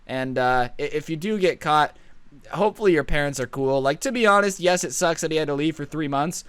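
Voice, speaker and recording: A man in his twenties telling a comedic high school story, sarcastic and animated. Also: fairly quick, clean tone, dry recording. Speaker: storytime vlogger.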